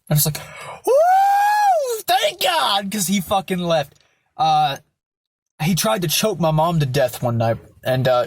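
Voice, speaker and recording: Blunt young man telling his story. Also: fairly high pitch. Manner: blunt, heavy swearing, rambling asides. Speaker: vlogger. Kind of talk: candid personal storytelling.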